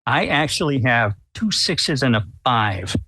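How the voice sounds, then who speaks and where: Male player, unhurried delivery, bright edge, dry close sound. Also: mid-range voice, big pitch swings, dry recording. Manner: deliberate, slow, wry. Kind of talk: describing his character's actions in a tabletop game.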